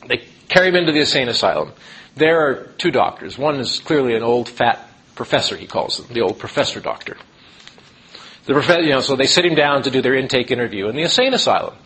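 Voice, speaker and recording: A man giving a storytelling lecture, animated, with restarts and asides. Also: medium pitch, brisk, breathy edge, rough recording.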